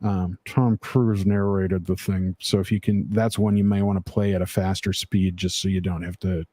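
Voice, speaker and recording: A man's voice: sits low, level tone, normal speed, mellow, dry recording. A man hosting a casual livestream chat, rambling with many "uh" fillers, speaking on a video call mic. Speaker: livestream host.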